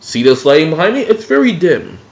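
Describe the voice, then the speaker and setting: A young man ranting casually about TV cartoons in a dim room at home, animated and profane. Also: on the high side, a little fast, vocal fry. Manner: animated, profane, jumps between mocking impressions. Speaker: video blogger. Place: dimly lit room at home. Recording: dull, lo-fi home recording.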